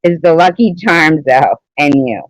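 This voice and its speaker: Speaking a little slowly in a deep voice, a livestream host rambles, reads chat comments aloud, greets viewers and laughs frequently. She's recorded on a phone, and the rough audio has no echo.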